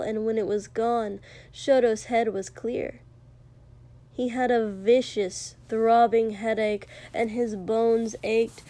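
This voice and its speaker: Woman reading a story out loud, slow and careful, kinda higher voice. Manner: slow, measured, expressive. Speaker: narrator. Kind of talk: audiobook fiction reading.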